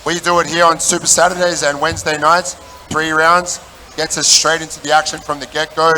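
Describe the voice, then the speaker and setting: Flat-voiced man, faint background noise. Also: fairly high pitch, fairly quick, low-quality recording.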